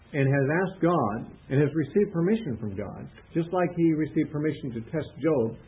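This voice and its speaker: A man teaching from the Bible in a measured, explanatory way, slowing down to stress quoted verses. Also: a little high. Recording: tinny phone-like sound.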